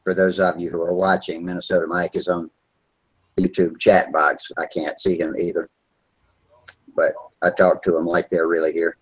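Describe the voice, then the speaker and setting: Deep-voiced man hosting a relaxed chat. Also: moderate pace, husky, rough recording. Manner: relaxed, rambling, with filler words. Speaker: host of a model airplane video hangout. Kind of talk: casual live chat. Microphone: video call.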